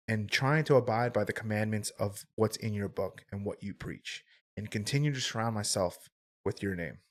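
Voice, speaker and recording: A man's voice: on the low side, normal speed, fairly bright tone. A man in his twenties telling a personal story on a podcast, candid and rambling, swearing freely and filling his talk with "like" and "right?". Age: 20s. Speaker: podcast guest. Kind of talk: casual storytelling.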